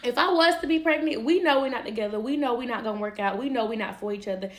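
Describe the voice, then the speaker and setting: A woman's voice: on the high side, fast talker. A young woman telling a personal story in a casual, candid way, swearing and laughing easily.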